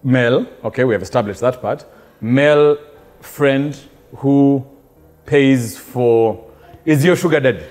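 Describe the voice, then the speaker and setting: A man hosting a podcast, quizzing his co-host in lively, laughing casual chat. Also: mid-range voice, a little slow. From Uganda.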